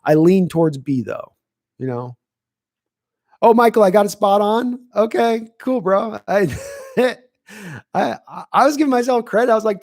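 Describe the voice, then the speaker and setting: A man's voice: sits high, a little mellow, dry recording, clean studio sound. A man hosting a live sports stream, chatting casually and answering viewers' questions from the chat as he thinks aloud. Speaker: podcast host reading live chat.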